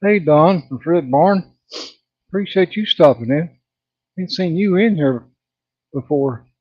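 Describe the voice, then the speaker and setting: A man's voice: a little high, expressive, measured pace, dry recording, muffled recording. A man hosting a casual hobby livestream, out of breath, greeting viewers by name with lots of fillers.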